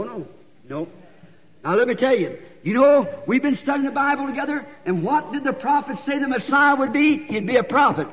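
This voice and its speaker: Folksy preacher, a man with a very high voice, storytelling that climbs to shouts, dull old recording. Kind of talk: sermon. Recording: dull recording with long hall echo.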